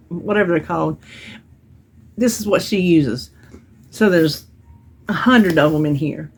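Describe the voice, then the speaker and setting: A woman's voice: sits low, moderate pace, pauses often, husky. A woman chatting casually at home about items she bought and received in the mail, telling stories as she goes. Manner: chatty, storytelling, Southern-style grammar. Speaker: vlogger. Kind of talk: casual haul chat.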